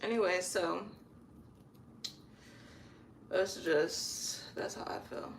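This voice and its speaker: A woman chatting casually on a live stream while styling her own hair at home, animated and stretching words out for emphasis. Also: lowish voice, very slow, a little hiss or hum.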